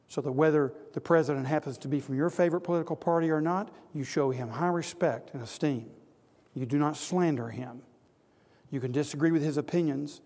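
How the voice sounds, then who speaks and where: A man's voice: a little high, mellow, big-room sound. A man preaching a sermon to an audience of men, earnest and exhorting, building to emphatic repetition.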